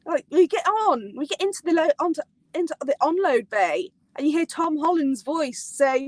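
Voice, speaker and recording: Giggly high-voiced woman hosting a chat. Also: normal speed, dry recording, poor audio. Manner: excitable, giggly, rambling with many fillers. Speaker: host of a live theme park chat. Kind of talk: casual live-stream chat.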